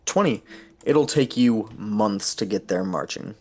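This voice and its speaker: A man narrating as game master in a tabletop game, relaxed and giggly with lots of fillers. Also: on the low side, a little slow.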